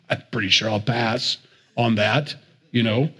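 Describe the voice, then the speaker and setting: Male Bible teacher, mid-pitched, casual and digressive, stumbles and repeats as he talks. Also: moderate pace, sharp tone, husky. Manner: chatty and digressive, with repeats and chuckles.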